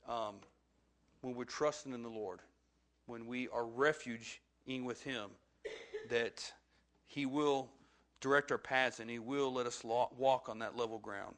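A man's voice: medium pitch, fairly bright tone. A man, preaching a sermon and telling a funny personal story with self-deprecating humor. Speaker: pastor.

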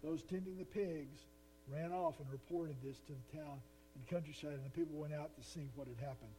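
An earnest male pastor preaches with emphasis, putting questions to his listeners. His voice is somewhat high yet mellow and warm, with a faint mains hum under the recording. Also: moderate pace, low-quality recording. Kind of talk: sermon.

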